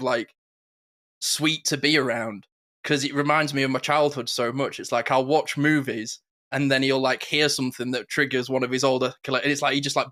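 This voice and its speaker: A man co-hosting a podcast in casual chat, an animated storyteller who slips into quick impressions. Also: mid-range voice. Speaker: podcast co-host.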